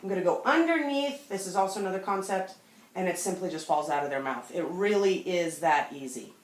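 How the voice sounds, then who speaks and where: A woman dog trainer calmly explaining a technique to viewers in a demonstration video. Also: fairly low pitch, fairly quick. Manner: calm, explanatory, talks directly to viewers. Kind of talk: instructional demonstration to camera. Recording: echoey room.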